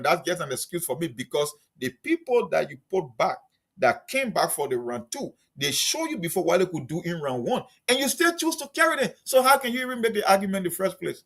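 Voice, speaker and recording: Argumentative man with a higher voice. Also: sing-song, fairly quick, a bit bright, breathy edge. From Liberia. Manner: argumentative, reasoning step by step. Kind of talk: political debate.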